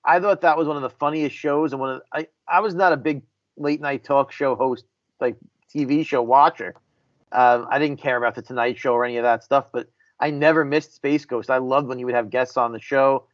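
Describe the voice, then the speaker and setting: A man's voice: mid-range voice, fairly even intonation, brisk, dry recording. Man recounting favorites, dry lo-fi sound. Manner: enthusiastic, storytelling, some restarts. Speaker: podcast co-host. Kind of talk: casual chat. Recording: dry, dull lo-fi audio.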